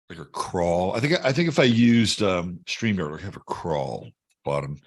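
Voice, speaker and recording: A man's voice: low voice, lively intonation, normal speed, husky. A middle-aged man hosting an astrology show, talking in a chatty, jokey livestream style. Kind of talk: casual livestream chat.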